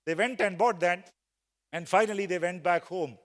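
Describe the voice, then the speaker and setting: A man with a high-sitting voice speaks at a moderate pace as a sales trainer presenting at a conference. In a large hall, his motivational sales talk tells a story and draws spoken answers from the live crowd. The sound carries the long reverb of the big space.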